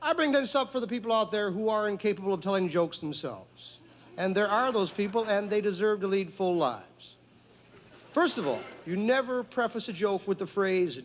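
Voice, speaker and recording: High, lively stand-up comedian. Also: male voice, background noise. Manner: deliberate, mock-instructional, emphatic. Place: TV studio stage with live audience.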